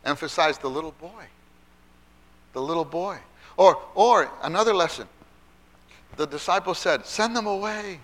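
A man giving an animated Bible teaching talk to church children's workers, stressing and repeating key phrases. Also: fairly high pitch, moderate pace, long pauses.

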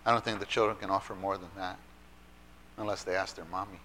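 A man giving an animated Bible teaching talk to church children's workers, stressing and repeating key phrases. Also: sits low, fast, slight background noise.

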